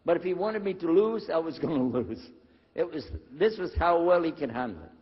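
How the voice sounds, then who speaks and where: Older man, animated storyteller, slightly high voice, husky, muffled lo-fi sound, long hall reverb. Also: a little fast. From United States. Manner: animated storyteller, acting out dialogue. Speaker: former preacher telling his conversion story. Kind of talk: storytelling talk to an audience. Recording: dull lo-fi recording in a reverberant hall.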